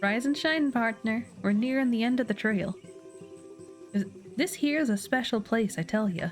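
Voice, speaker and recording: A woman's voice: a little high, normal speed, faint music behind, natural voice. A woman reading aloud the lines of a friendly frontier wagon guide from a game, in her own plain voice without an accent.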